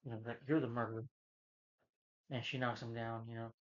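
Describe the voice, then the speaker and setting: A man's voice: medium pitch, flat delivery, brisk. Rambling man recapping a film, lo-fi. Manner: rambling, filler-heavy retelling with many restarts. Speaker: film reviewer. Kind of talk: casual movie recap rant.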